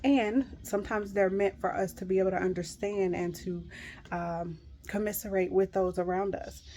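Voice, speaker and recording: A woman's voice: medium pitch, steady tone, normal speed, dark tone, slight background noise. A middle-aged woman giving a heartfelt devotional pep talk to viewers, earnest and emphatic, repeating reassuring phrases. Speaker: Christian encourager speaking to viewers.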